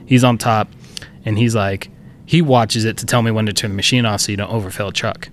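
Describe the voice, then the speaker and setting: Co-hosting a podcast, this man spins a workplace story casually, swearing freely and chuckling as he goes. His lowish voice is steady and brisk, with a little hiss or hum in the audio.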